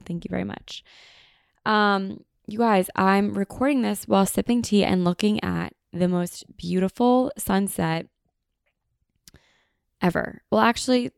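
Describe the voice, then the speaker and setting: Chatty young American woman, gravelly. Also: mid-range voice, darkish tone, dry recording, clean studio sound. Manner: gushing and chatty, filled with "like". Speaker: podcast host. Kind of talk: casual podcast monologue. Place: home in a beach town at sunset.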